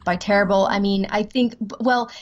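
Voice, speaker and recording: A woman voice actress from the American South, chatting as a guest in a casual interview, self-deprecating and quick to laugh. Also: medium pitch, steady tone, lo-fi sound. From Southern United States.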